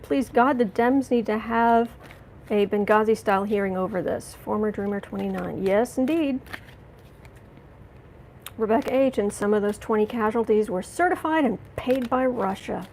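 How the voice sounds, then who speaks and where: A woman hosting a live tarot stream, reading cards and answering chat, angry but trying to stay calm, halting with fillers and restarts. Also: mid-range voice, slight background noise. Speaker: tarot reader and livestream host.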